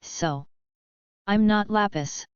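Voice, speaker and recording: A woman's voice: medium pitch, takes it slowly, clear, resonant tone, dry recording, dull audio, natural voice. A woman voicing a frightened young man held captive, in an audiobook reading. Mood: confused. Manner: panicked, pleading.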